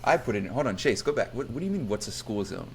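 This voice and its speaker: A man's voice: fairly low pitch, very animated, quick pace, gravelly, slight background noise. A young man co-hosting a podcast, joking casually and swearing often. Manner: laid-back, profane, laughs a lot. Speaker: podcast co-host. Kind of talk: casual chat.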